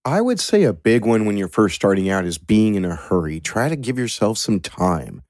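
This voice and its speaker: A sound designer giving relaxed, candid advice in an interview answer. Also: male voice, on the low side, normal speed, no echo, clean studio sound.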